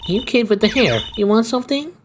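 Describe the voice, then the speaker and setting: A man voicing a husky old gangster wife. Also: high-pitched, lively intonation, brisk, noisy background, pitched above the performer's own voice. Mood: menacing. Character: older gangster's wife woman, icy and intimidating. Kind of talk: fan voice-over dub of a video game. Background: game music.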